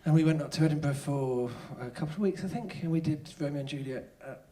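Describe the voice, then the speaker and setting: Thirties male comic guest, a touch high, rambling and self-deprecating. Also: quick pace, dark tone. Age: 30s. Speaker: comedian guest. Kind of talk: casual comic storytelling.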